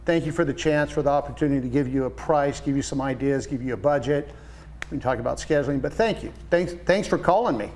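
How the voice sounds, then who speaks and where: A man in his sixties, a painting business owner, chatting as a guest and telling lively stories with quoted voices. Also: mid-range voice, quick pace, slight background noise. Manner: enthusiastic storyteller, animated quoted voices. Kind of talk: casual interview chat.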